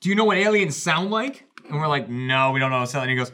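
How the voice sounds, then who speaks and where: A man co-hosting a podcast, telling an anecdote in an animated way and laughing at his own story. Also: on the high side, fast talker. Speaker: podcast co-host. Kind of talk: casual chat.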